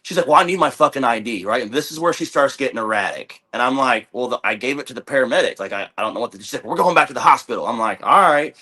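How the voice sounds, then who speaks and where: A man's voice: medium pitch, animated, fast, few pauses, pushed and bright, slightly rough. A young man, a podcast guest, telling a long story in casual chat, swearing often and acting out the quoted dialogue. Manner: rambling, profane, retells with quoted dialogue.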